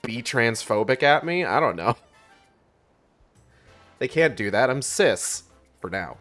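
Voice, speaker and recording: A man's voice: medium pitch, big pitch swings, slow, fairly bright tone, faint music behind. A man streaming a video game, talking casually in a rambling way with lots of fillers and some swearing. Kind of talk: casual let's-play commentary.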